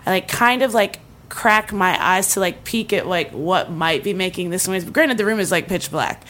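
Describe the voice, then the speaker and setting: Animated young woman telling a funny story. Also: lowish voice, moderate pace. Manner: animated, laughing, filler-heavy with many likes and ums. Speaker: storyteller on a comedy podcast. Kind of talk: casual comedic storytelling.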